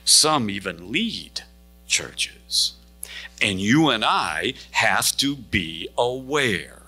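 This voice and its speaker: A male pastor preaching in a church, swinging his voice up and down as he tells a story and acts out each person in it. His tone has a gravelly, husky grain, and it sits low yet cuts through brightly. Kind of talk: sermon. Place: church sanctuary.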